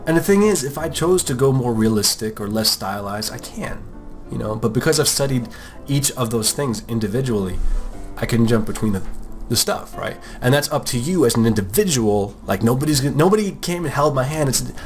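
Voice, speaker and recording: A young American man in a loose, rambling art talk, cracking jokes and putting on silly voices for the people he quotes. His voice sits at an ordinary middle pitch, and faint music plays underneath. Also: expressive, a little fast. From United States. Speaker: art podcast host. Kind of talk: casual talk while drawing.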